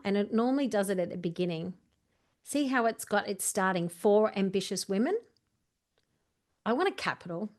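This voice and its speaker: A woman coaching a video editing tutorial, chatty and walking through each step while correcting herself as she goes. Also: medium pitch. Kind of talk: screen-share editing tutorial.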